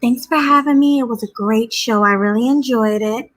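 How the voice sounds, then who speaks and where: A woman's voice: a little high, normal speed, fairly bright tone. A woman guest on a livestream, upbeat and friendly. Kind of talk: casual livestream chat.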